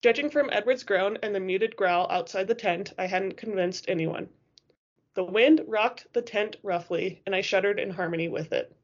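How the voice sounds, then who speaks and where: A woman reading a first-person novel aloud in a steady, expressive way, in a dull lo-fi recording. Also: medium pitch, moderate pace. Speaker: audiobook reader.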